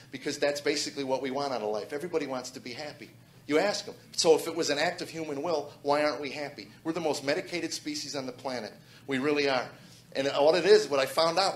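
A man's voice: a little high, reverberant. A man in his forties telling an earnest personal testimony, often restarting his sentences. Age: 40s. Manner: earnest, halting with repeated restarts. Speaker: testimony speaker.

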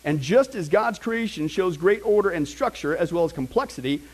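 Middle-aged pastor guy, high voice, animated preaching, talks right to the crowd. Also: moderate pace. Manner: animated, conversational preaching with asides and mock voices. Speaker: pastor teaching a Bible class. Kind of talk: sermon.

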